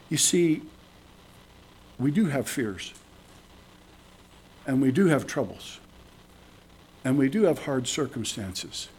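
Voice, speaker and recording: A man preaching a sermon to his congregation, earnest, repeating phrases for emphasis and dropping from emphatic lines to hushed ones. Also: mid-range voice, breathy edge. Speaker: pastor. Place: church service.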